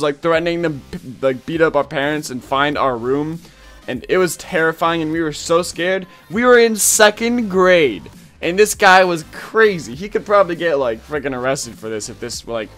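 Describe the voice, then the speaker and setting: A young man with a somewhat high voice rambles through a storytime vlog, leaning on "like" constantly. He gets animated as the story builds. Soft music plays faintly behind him. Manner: rambling, lots of "like" fillers; animated retelling. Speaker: YouTube gaming channel host.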